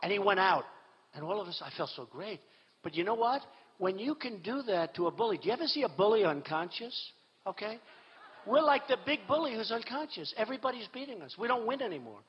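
A man giving a campaign rally speech as a political candidate, repeating himself emphatically and swinging between shouts and low asides. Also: big pitch swings, fast talker, breathy edge. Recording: echoey hall, dull sound.

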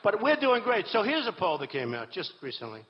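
Boastful high-voiced man rambling in a hall. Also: wildly swooping pitch, brisk, slight background noise. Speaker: political candidate addressing a rally. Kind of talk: off-the-cuff campaign speech. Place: large hall with an audience. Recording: dull hall recording with long reverb.

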